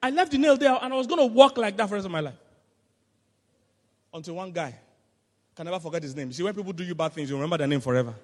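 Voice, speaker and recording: A man preaching a sermon as pastor, telling animated stories with laughter and sudden shouts. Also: high-pitched, rapid-fire, pauses often. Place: church hall. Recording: long hall reverb.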